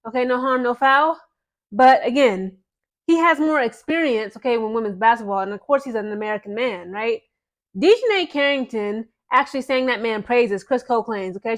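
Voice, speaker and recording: Woman vlogger, casual commentary, emphatic, talks straight to viewers, a bit high-pitched. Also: moderate pace. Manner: chatty, emphatic, keeps checking in with the viewer. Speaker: channel host.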